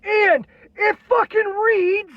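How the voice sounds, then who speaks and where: Brief: furious veteran ranter, strained very high voice, constant swearing, dull lo-fi recording. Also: male voice, steady tone, slow pace, no room sound. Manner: irate, heavily profane, shouting. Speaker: military veteran ranting on video. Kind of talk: angry political rant. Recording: dull lo-fi, dry sound.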